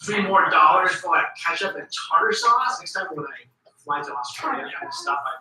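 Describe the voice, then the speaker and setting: A man presenting a scripted explainer video in a lively, joking manner. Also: sits high, a little fast, gravelly, distant mic, a crowd in the background. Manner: lively, joking, animated storytelling. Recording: echoey video playback from afar.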